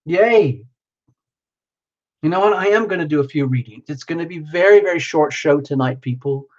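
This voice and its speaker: Tired tarot stream guy, kinda high voice, rambly and frazzled, muffled lo-fi audio. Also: fast. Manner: frazzled, rambling, greets viewers by name. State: worn out. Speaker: livestream tarot reader. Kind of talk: casual livestream chat.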